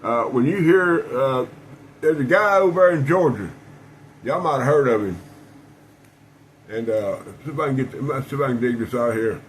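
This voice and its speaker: A medium-pitched man speaks at a moderate pace with long pauses, chatting to camera about the knives he collects. He's a folksy, rambling storyteller who restarts often and leans on fillers, and the rough recording carries a slight hiss or hum.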